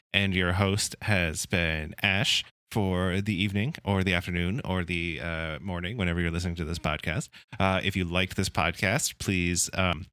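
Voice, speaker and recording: Deep, bright-toned man rambling casually. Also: clear, resonant tone, no room sound, studio quality. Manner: rambling with many fillers. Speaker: podcast co-host. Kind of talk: casual chat.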